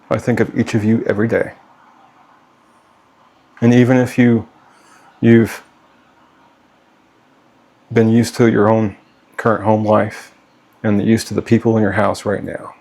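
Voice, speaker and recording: This father, middle-aged, has a fairly low, creaky and slightly mellow voice. Facing the camera in a personal vlog, he earnestly pleads with his children, often checking "okay?", and he's working himself up.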